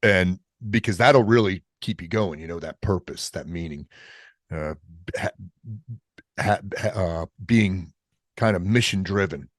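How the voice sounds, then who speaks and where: Deep-voiced man telling a candid story. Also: no room sound, clean studio sound. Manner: casual and profane, halting with restarts, drops "man" and "bro". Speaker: podcast guest, military veteran.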